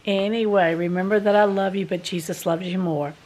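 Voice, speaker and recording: A woman from the American South talks a little fast in a medium-pitched voice as she vlogs from home in her doublewide. She spins a folksy household story for the camera, chatty throughout and animated when she acts it out.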